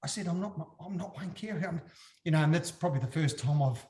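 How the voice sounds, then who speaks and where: A middle-aged Australian man, a former footballer, telling stories as a guest in a casual chat, acting out quotes with big jumps in his voice. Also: fast talker. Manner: animated, acts out quotes with big pitch jumps. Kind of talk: casual storytelling.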